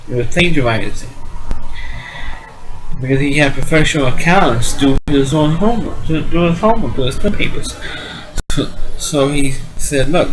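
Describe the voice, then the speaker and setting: A man's voice: on the high side, normal speed, noisy background. A man casually retelling a comedy film's scenes, rambling with frequent restarts and fillers. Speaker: amateur movie reviewer. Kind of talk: casual movie recap.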